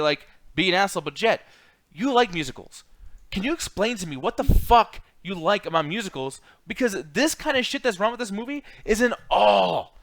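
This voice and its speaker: A man's voice: high voice, fairly bright tone. A man co-hosting a casual movie review chat, ranting bluntly and with exasperation, swearing often. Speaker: podcast co-host.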